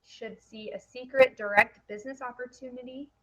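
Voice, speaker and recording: Chatty, excitable woman on a headset mic. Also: a little high, normal speed, lo-fi sound. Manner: excitable, chatty, many fillers. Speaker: network marketing presenter. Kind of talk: live webinar presentation. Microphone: headset microphone.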